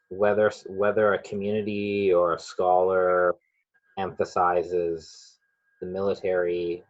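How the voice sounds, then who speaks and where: A man's voice: low voice, muffled recording. A man hosting, asking long, rambling questions in a conversational way.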